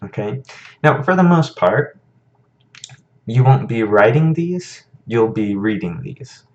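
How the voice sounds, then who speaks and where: A man's voice: lowish voice, expressive, slow, a little mellow, dull audio. A man teaching a recorded lesson, explaining patiently and checking in with frequent "okay"s.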